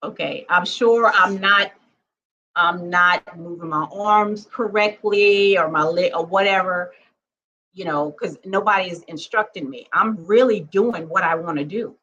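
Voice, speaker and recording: A woman's voice: lowish voice, unhurried, pushed and bright, dull audio. A woman talking in a casual vlog monologue. She is emphatic, speaks straight to her viewers, keeps asking "okay?", and laughs easily. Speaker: spiritual vlogger.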